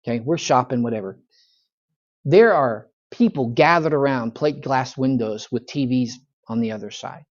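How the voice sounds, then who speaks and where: A man's voice: medium pitch, normal speed. A man, a pastor teaching a church Bible study in a folksy, conversational storytelling manner. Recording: dull lo-fi church recording.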